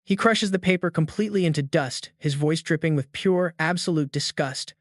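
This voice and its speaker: Smooth man narrating a manhwa recap. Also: on the high side, normal speed, few pauses, dry recording, clean studio sound. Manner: smooth and even, no fillers. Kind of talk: scripted dramatic narration.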